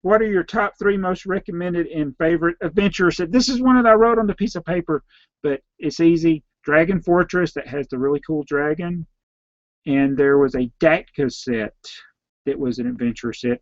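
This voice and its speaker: A man's voice: mid-range voice, no echo, dull audio. Southern man rambling through viewer questions. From Southern United States. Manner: reads out viewer names and questions, then answers in a rambling, offhand way. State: slightly hoarse. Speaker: YouTube host answering viewer questions. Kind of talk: casual live Q&A.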